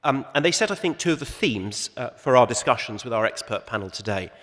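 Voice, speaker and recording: Male panel chair, wry and measured, recorded in a large reverberant hall. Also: medium pitch, lively intonation, a bit bright. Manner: measured, wry, with many restarts and asides. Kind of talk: conference opening speech.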